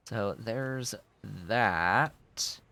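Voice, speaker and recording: A man's voice: lowish voice, drawn-out words, sharp tone, clean tone. A man streaming a game, muttering offhand, dry remarks to himself as he builds. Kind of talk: casual gameplay commentary.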